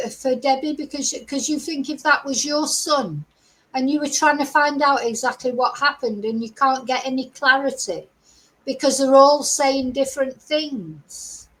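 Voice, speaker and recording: Speaking slowly in a high voice, this true crime channel host gives livestream commentary to her viewers. She's opinionated and keeps asking the audience rhetorical questions, all captured on a rough recording.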